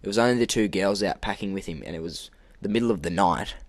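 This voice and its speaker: Young aussie guy telling a work story, kinda low voice, dry close sound, acts out the quotes. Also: fast, no room sound. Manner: animated, acts out quotes, laughs often. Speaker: podcast co-host. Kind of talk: casual storytelling.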